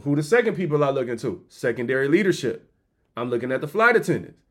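A man hosting a podcast, telling stories in an animated, joking, slangy way. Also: medium pitch, quick pace. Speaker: podcast host. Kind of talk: comedic motivational storytelling.

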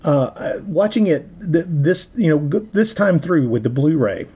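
A man's voice: fairly high pitch, expressive, moderate pace, dark tone, breathy edge. A man co-hosting a film podcast, talking casually with many fillers and restarts. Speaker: podcast co-host.

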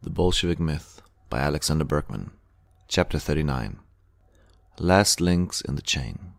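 Male audiobook narrator, deep voice, dry close sound, measured read. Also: no room sound. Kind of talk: scripted narration.

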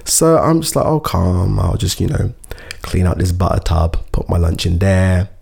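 A man's voice: deep voice, normal speed, vocal fry, slightly rough. A man chatting casually, telling a funny story and acting out what people said. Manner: animated, laughing storyteller who acts out quotes.

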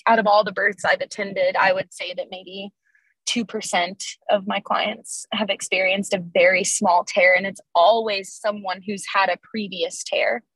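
A woman's voice: mid-range voice, little pitch movement, measured pace, fairly bright tone, husky, no echo, rough recording. Heartfelt woman with a dry, close sound. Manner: heartfelt, emotional, many fillers. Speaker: traditional midwife, guest. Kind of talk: personal birth story.

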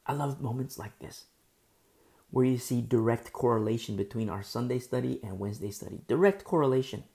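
An extremely low, gravelly voice delivers this informal Bible study sermon at a brisk clip. The speaker, a middle-aged woman, repeats her key phrases and stammers whenever she gets worked up.

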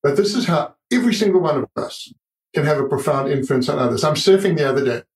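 Animated storytelling man, echoey room. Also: a little high, quick pace. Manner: animated storyteller, acts out dialogue. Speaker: guest author and surfer. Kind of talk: storytelling in a podcast interview.

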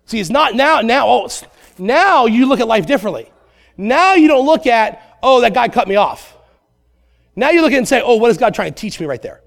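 High-voiced man preaching with energy. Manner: animated preaching, acts out voices and asides. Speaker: pastor. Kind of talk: sermon.

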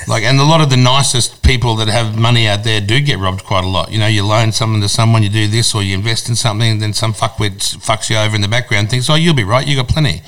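A middle-aged Australian radio host in casual podcast chat, talking bluntly and crudely about himself and others. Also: male voice, on the low side, fairly even intonation, fast talker, hardly any pauses, a bit bright.

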